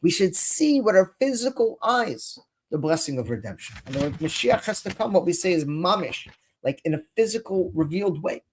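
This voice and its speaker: This man's voice sits high, with big pitch swings, a breathy edge and a moderate pace. Teaching Chassidus in English sprinkled with Hebrew and Yiddish, he delivers his Torah lecture with impassioned indignation that climbs toward shouting.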